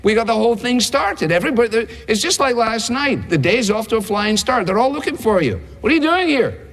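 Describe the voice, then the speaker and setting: A man voicing an excited male disciple who urgently presses Jesus to come back to the crowds. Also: fairly quick, exaggerated voice. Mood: eager. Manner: high, eager, pressing. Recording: long hall reverb.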